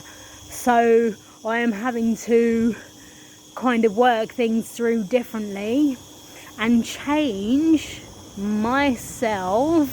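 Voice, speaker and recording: A woman's voice: a little high, darkish tone, slight background noise, poor audio. A woman speaking in a casual spiritual monologue, earnest and drawn out, swearing freely. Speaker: spiritual vlogger.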